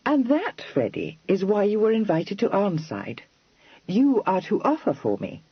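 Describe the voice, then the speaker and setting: A spirited young heiress of the Regency, impatient and quick to exclaim, as a male narrator puts her on. The voice is pitched high and swoops with lively emphasis. It sounds husky and dry, on a dull, lo-fi audiobook recording. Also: dry recording, heavily acted. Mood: emphatic. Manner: impatient, exclaiming, breathless rush.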